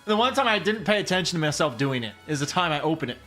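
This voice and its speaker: A man casually commentating his gameplay, excitable and rambling, repeating himself and laughing often. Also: fairly high pitch, quick pace, soft background music. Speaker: streamer.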